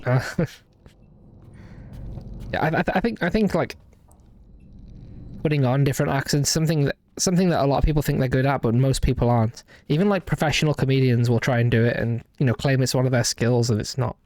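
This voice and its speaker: This streamer is a young Midlands man with a light accent from the region, chatting loosely over his gameplay in a rambling, hesitant style full of restarts. He talks a little fast in a mid-range, darkish voice.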